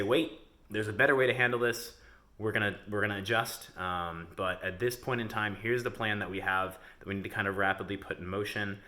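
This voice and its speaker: A man with a bright, forceful voice and a lowish pitch talks to his staff in a casual video update. He rambles and fills his sentences with ums and uhs while he lays out a schedule change from indoors. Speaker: delivery company owner. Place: indoors in a house.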